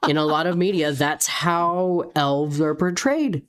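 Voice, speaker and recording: A man's voice: a little high, a little slow, a bit bright, smooth. A man in his twenties co-hosting a podcast, casual chat with dry, wry remarks. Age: 20s. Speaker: podcast co-host.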